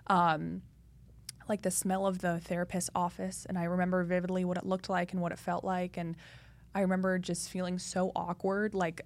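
A young woman, a podcast guest, chatting in a lively way full of fillers as she tells her story. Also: on the low side, normal speed. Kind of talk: casual interview talk.

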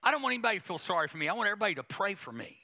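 A man's voice: sits high, big pitch swings, very fast, creaky, sharp tone. A male pastor preaching a sermon, emphatic, with repetition and quoted asides to the congregation.

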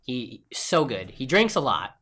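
Podcast co-host: young man, rambling casual chatter, mid-pitched, quick to laugh and tease. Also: very animated, a bit bright. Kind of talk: casual chat.

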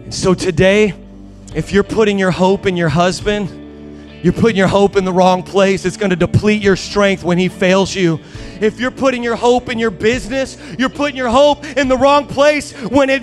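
A man preaching a sermon as pastor, building to shouted, rising emphasis. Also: high voice, steady tone, moderate pace, faint music behind.

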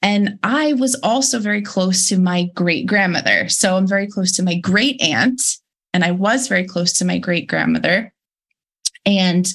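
A woman co-author in a casual interview, speaking reflectively with pauses and fillers. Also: on the low side. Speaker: co-author of a children's book series.

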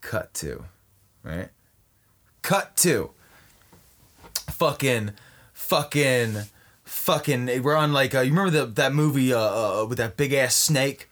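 Rambling profane young man pitching. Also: animated, takes it slowly, long pauses, fairly bright tone. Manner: rambling, profane, full of "right?" and "like". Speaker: comedy sketch performer. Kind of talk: rambling casual pitch of a film idea.

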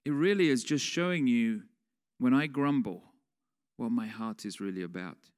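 A man with a medium-pitched, slightly mellow voice preaches at a normal speed, treating his sermon like a conversation and asking the congregation questions. The recording carries the long reverb of a large hall.

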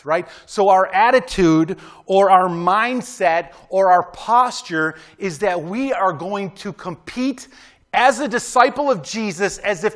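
A man preaching a sermon in a casual, conversational way, often asking his listeners "right?" and urging them on emphatically. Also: high voice. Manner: emphatic, exhorting. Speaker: pastor.

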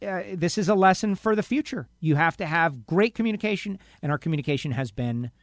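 A man with a somewhat high voice pours out an emphatic, rambling rant on talk radio, stacking his points and acting out other people's words. He sounds emotional and upset. The sound is close and dry. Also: lively intonation, brisk, no room sound. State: emotional, upset by bad news. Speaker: radio talk show guest. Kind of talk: impassioned opinion rant.

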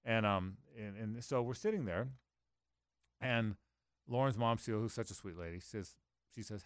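A man's voice: lowish voice, normal speed, long pauses, clear, resonant tone, dry recording, clean studio sound. A middle-aged man hosting a sports radio show, telling a rambling, self-mocking story with lots of restarts and laughter. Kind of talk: casual radio banter.

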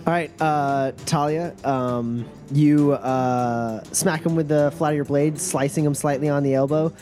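A man narrates as game master, pausing often and filling the gaps with uhs and likes. Faint music plays underneath. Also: fairly high pitch, steady tone, darkish tone. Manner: halting, filler-heavy narration.

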